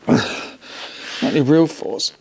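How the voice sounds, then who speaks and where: Working in his home garage, a car restoration vlogger mutters to himself and the camera in a casual, wry, self-mocking way, straining at times. His slightly high voice is gravelly and slightly rough, with drawn-out words.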